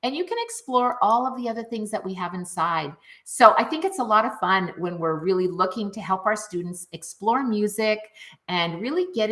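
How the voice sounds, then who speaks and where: A middle-aged woman music teacher talking viewers through a lesson in an upbeat, chatty way. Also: medium pitch. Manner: upbeat, animated, addresses viewers directly. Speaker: music teacher and program founder. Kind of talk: enthusiastic online teaching video.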